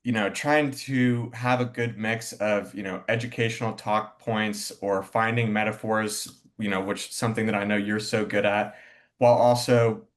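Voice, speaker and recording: A man on a panel asks a long question, restarting and searching for his words as he goes. His voice sits on the low side. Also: steady tone, moderate pace. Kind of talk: panel discussion.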